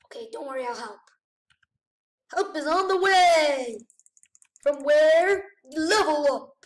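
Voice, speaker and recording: A high-pitched woman narrates her gameplay with excited gasps and exclamations. Her voice rings in an echoey room, picked up from a mic set some distance away. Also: slow. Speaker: gamer. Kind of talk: gameplay commentary.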